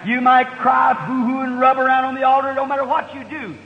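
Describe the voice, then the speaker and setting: A man in his fifties preaching a sermon, telling folksy stories and breaking into loud, fervent outbursts. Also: very high-pitched, little pitch movement, a little fast. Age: 50s. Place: large church hall. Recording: dull old recording in a reverberant hall.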